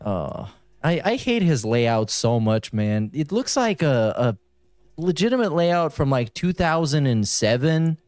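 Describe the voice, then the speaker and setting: A man's voice: fairly high pitch, sing-song, measured pace, darkish tone, no echo, studio quality, faint music behind. A man reacting to a streamer's video with mocking, sarcastic commentary and casual swearing.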